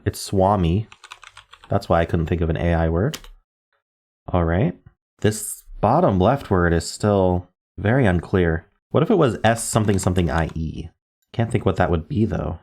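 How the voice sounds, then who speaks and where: Low-voiced man musing over word puzzles. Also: a little mellow. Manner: muses aloud, spells out letters, self-corrects. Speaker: word game streamer. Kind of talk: casual thinking-aloud gameplay commentary.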